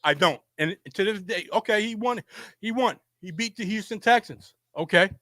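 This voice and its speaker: His voice sits high and comes across pushed and bright at a normal pace, with no echo. This man hosts a sports show, facing a camera as he argues heatedly, insistent and repetitive, with stammering restarts.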